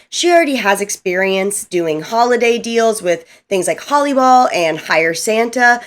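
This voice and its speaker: A woman hosting a casual recap video, chatty and lively, laughing often as she talks. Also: on the high side.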